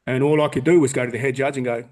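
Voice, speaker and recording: A man's voice: mid-range voice, fairly even intonation, rapid-fire, a little mellow. A man in his forties, a podcast guest in casual chat who talks bluntly, swears a lot and acts out what people said. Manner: blunt and heavily profane, acting out quotes.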